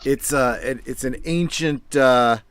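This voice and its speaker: A man with a mid-pitched voice talks through his thoughts on a relaxed podcast. He is easygoing and explains in long, loosely strung sentences. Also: a little slow, slight background noise. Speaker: podcast co-host. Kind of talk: casual chat reviewing a cartoon episode.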